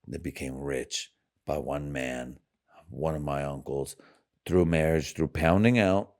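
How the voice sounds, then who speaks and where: A man hosting a podcast, swearing through a crude, rambling monologue with sudden swings in loudness and pitch. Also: a little slow. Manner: loud swings in volume and pitch. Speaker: podcast host.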